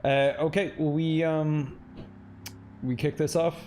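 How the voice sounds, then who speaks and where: A man's voice: fairly high pitch, steady tone, measured pace, a little mellow, slight background noise. A man streaming a racing game, chatting casually with friends and laughing often. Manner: laid-back, laughs often. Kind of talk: casual gaming chat.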